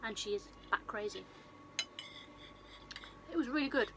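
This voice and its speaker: Recorded on a phone against a noisy background, this film-reviewing vlogger casually recounts a movie's story. Her voice is a bit high and her pace moderate, with frequent fillers and restarts.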